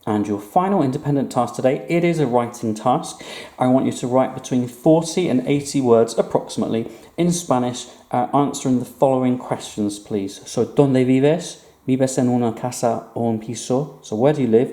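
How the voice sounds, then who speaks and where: Patient male teacher, mellow echoey voice. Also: mid-range voice. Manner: clear, patient explaining with slow repeated words. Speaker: Spanish teacher. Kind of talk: online language lesson.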